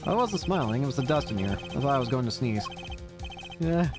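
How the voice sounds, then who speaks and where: A man's voice: medium pitch, sing-song, a little fast, close to an everyday voice. A man playing a flustered rookie lawyer. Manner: flustered, exclamatory. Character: jumpy young male rookie defense attorney. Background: game music.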